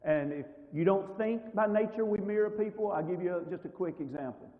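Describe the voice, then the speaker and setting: Mellow-voiced man teaching a church class. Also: high voice, a little fast, long reverb tail, poor audio. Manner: conversational, rhetorical questions to audience. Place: church hall.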